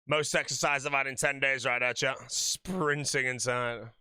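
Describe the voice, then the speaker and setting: A man's voice: medium pitch, level tone, brisk, pushed and bright, clean tone, no echo, clean studio sound. A man streaming a game and chatting casually to viewers, out of breath and flustered, laughing at his own bad luck. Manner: flustered, self-mocking. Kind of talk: casual game commentary to chat.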